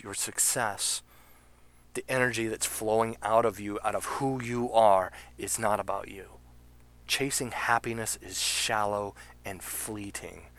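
A middle-aged man hosting a casual faith talk show, speaking earnestly and from the heart, pausing with fillers as he thinks aloud. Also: fairly low pitch, a bit bright. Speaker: podcast host.

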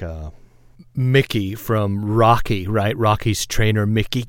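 A man's voice: lowish voice, unhurried, smooth, no room sound, studio quality. A man hosting a podcast in a casual, rambling, self-deprecating monologue, often laughing at himself. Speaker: podcast host.

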